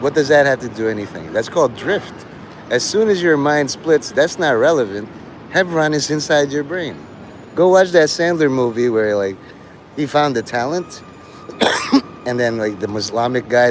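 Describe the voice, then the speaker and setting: A man's voice: mid-range voice, slight background noise, rough recording. A man rambling through a profane live-stream monologue, jumping from topic to topic. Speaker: livestreamer.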